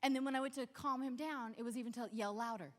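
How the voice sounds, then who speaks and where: A woman's voice: on the high side, fairly even intonation, quick pace, in a large hall. A woman giving an interactive motivational keynote on a large convention stage, leading the crowd in call-and-response. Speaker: keynote speaker.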